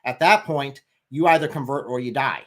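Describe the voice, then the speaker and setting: A man's voice: mid-range voice, normal speed, a bit bright. A man making his case in a livestream discussion, emphatic and sarcastic at times.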